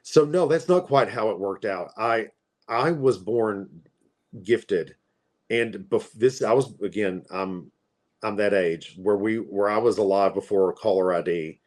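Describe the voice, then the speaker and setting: A man in his forties from Appalachia, a tarot reader, tells stories casually in a chatty, rambling way full of fillers. His voice is fairly low and darkish, his pace measured.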